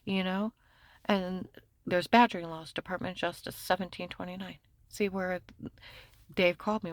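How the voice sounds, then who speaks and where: A woman rambling through a personal grievance, swinging between hushed talk and loud outbursts and reciting legal terms. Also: on the low side, steady tone, moderate pace, dry recording. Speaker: speaker recounting her own ordeal. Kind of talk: agitated personal monologue.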